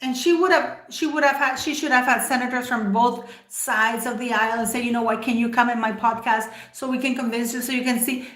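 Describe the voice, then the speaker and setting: A woman's voice: a little high, fairly even intonation, a little fast, hardly any pauses, a bit bright. A woman hosting a livestream, giving opinionated commentary straight to her viewers and firing off rhetorical questions. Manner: emphatic, full of rhetorical questions. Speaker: livestream host. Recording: roomy echo.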